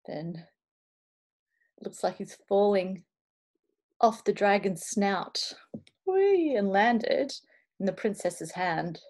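A woman reading a children's picture book aloud over a video call, expressive and playful, slipping into whispers and little asides. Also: lowish voice, takes it slowly, long pauses. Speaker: children's storybook reader.

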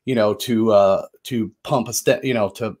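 A man's voice: lowish voice, steady tone, normal speed, darkish tone. Chatty man explaining board game rules. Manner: chatty and loose, lots of fillers and self-corrections. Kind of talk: casual rules walkthrough.

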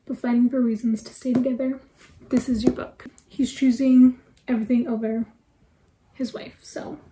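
A woman's voice: on the high side, level tone, normal speed, noisy background. A woman chatting casually as she reviews books on her vlog, gushing and full of "like" fillers. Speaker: book vlogger. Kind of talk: casual book review chat.

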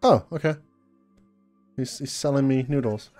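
A man's voice: mid-range voice, a little slow, a little mellow, faint music behind. A man casually commenting while playing a video game, rambling and easygoing with many fillers. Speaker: gaming video host. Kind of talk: casual let's play commentary.

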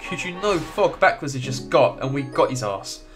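A young man narrates his playthrough in casual let's play commentary, joking and swearing as he reacts. His pitch swings widely from phrase to phrase, with faint game music underneath. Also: animated, normal speed. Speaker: gaming video creator.

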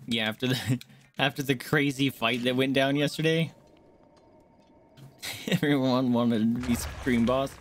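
A woman's voice: very deep voice, fairly even intonation, a little slow, long pauses, slight background noise. A young woman giving casual, jokey commentary while she streams a video game and chats with viewers. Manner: chatty, laid-back, jokey.

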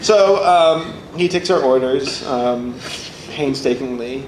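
A man's voice: mid-range voice, takes it slowly. A young man telling a story at a convention podcast panel, acting out the people in it. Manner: animated, acts out the people in his story. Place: convention panel room with a live audience. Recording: echoey hall with audience noise.

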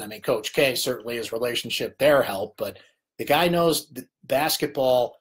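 A man's voice: mid-range voice, fairly bright tone, breathy edge. A middle-aged man hosting a live late-night sports chat, ranting in exasperation at TV commentators, then wrapping up the show.

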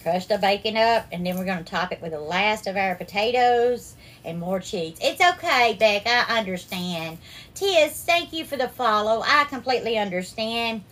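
A woman hosting a live cooking stream, warmly greeting viewers by name and calling them darling and sweetheart. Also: mid-range voice, animated, moderate pace. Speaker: cooking livestream host.

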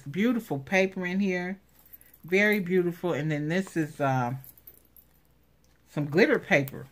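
A woman's voice: fairly low pitch, fairly bright tone. A woman vlogger unboxing craft supplies in casual commentary, gushing and exclaiming over each item. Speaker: craft vlogger showing giveaway prize.

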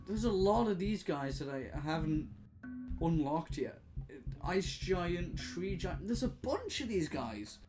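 Excitable young man over game music. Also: fairly high pitch. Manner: excitable, swears, laughs often. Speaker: gaming commentator. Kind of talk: casual gameplay commentary. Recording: music playing behind.

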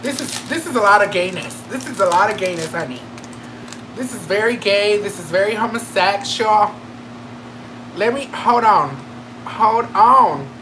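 A woman's voice: medium pitch, unhurried, background noise. Campy, gasping woman beauty vlogger. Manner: campy and excitable, gasps and squeals, slangy asides. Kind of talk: casual makeup unboxing chat.

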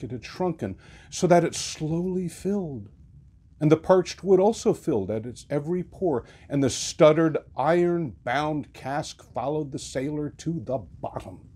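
Expressive man reading a novel aloud. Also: fairly high pitch, breathy edge. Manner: expressive, varied delivery. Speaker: reader.

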